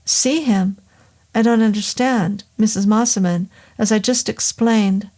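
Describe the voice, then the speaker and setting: A woman voicing a hesitant, apologetic male doctor who rambles, in a slow audiobook reading. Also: sits high, fairly even intonation, darkish tone. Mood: uneasy. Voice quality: hesitant, halting. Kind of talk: audiobook character voice.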